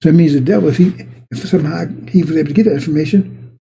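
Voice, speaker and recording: A man's voice: a little high, very fast, gravelly, mellow, slight background noise, low-quality recording. A man preaching a sermon in a colloquial, repetitive way, addressing his congregation as brothers and sisters.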